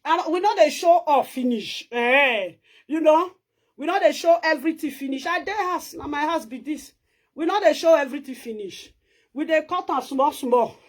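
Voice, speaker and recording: Woman, Nigerian Pidgin accent, high voice, boastful and chatty vlogger. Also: expressive, moderate pace. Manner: boastful, chatty, laughs often. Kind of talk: casual home-tour live video chat.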